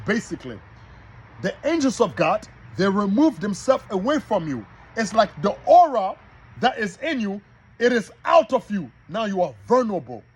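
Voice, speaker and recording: Husky man preaching with lively pitch. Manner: preachy, asks the listeners if they follow him; reads verses slowly and repeats them. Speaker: bible teacher. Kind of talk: street-style bible teaching.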